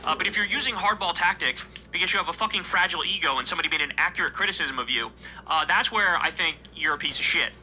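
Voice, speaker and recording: A man's voice: a little high, fast talker, pushed and bright, slight background noise, rough recording. A man reading news aloud and breaking into heated, profane, mocking commentary. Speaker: political commentary streamer.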